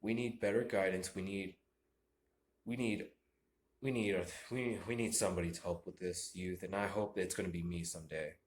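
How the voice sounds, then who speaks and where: A young American man rants about fathers and respect, preachy and rambling, tripping over his words. His voice sits low. The recording is echoey, like a bare room. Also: fairly even intonation, a little fast, a little hiss or hum. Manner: rambling, repeats and restarts, preachy. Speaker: vlogger. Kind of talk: ranting monologue.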